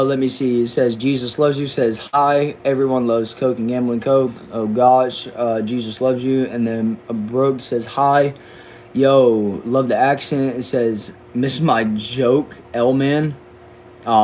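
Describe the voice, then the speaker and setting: An upbeat young man hosts a casual live stream, reading viewer comments aloud and answering them one by one. His voice sits at an ordinary middle pitch, and a faint hiss of background noise runs under it. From Texas, USA.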